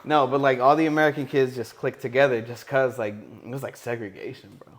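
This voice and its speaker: A man's voice: mid-range voice, steady tone, a little fast. A man who is a guest on a podcast, telling stories animatedly and swearing freely. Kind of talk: casual chat.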